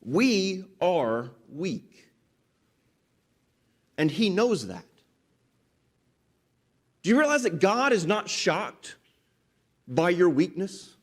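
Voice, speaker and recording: Male preacher, high and very lively voice, dramatic delivery acting out quotes. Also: takes it slowly, pauses often. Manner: expressive, rises and drops pitch for emphasis. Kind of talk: sermon.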